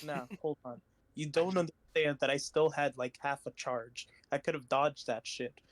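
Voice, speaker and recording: A man playing a tabletop game over a voice call, swearing and joking in loud outbursts. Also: fairly high pitch, fairly even intonation, moderate pace, no echo. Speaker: player. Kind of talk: casual chat.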